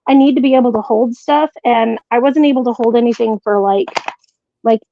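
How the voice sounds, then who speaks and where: A woman's voice: on the high side, a little fast, no room sound, lo-fi sound. A woman co-hosting a live sewing stream, telling a rambling story in casual chat. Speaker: co-host.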